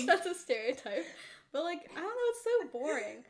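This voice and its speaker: A woman's voice: high voice, sing-song, moderate pace, crowd noise. A young American woman in casual chat, rambling and correcting herself. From United States. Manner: chatty, rambling, self-correcting. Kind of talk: casual chat about books.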